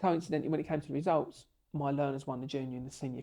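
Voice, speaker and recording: A man, a guest on a podcast, telling long stories in an animated and emotional way. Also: medium pitch, rapid-fire. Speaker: podcast guest, bricklaying tutor. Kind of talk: storytelling in a podcast interview.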